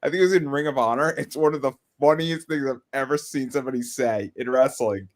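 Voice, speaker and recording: A man co-hosts a casual wrestling chat in an excitable way, repeating words as he rushes through stories. His voice sits at a middle pitch. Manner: excitable, stammering restarts, laughs at own stories. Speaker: podcast co-host.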